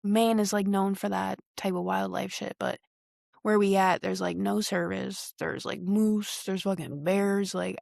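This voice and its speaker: A woman's voice: mid-range voice, flat delivery, measured pace, creaky, a little mellow, dry recording, clean studio sound. A young woman from the US Northeast, hosting a podcast and rambling in a slangy, casual way that leans heavily on "like.". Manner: rambling, slangy, heavy use of "like". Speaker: podcast host. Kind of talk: casual solo podcast chat.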